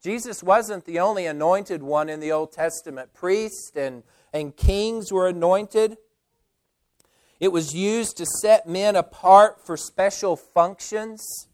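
A man's voice: high-pitched, slow pace, a little mellow. A man preaching a sermon in an earnest way, often repeating words as he restarts. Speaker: pastor.

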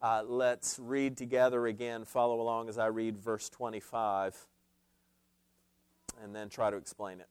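A man's voice: mid-range voice, flat delivery, unhurried, clean tone, no echo. A man giving an earnest, emphatic Bible lesson to a class, posing questions to his listeners. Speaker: Bible teacher. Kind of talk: expository Bible teaching.

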